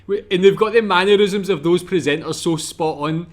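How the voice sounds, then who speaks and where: A man hosting a reaction video, commenting in a relaxed, chatty way. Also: sits high, fairly quick. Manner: laughs a lot, relaxed and chatty.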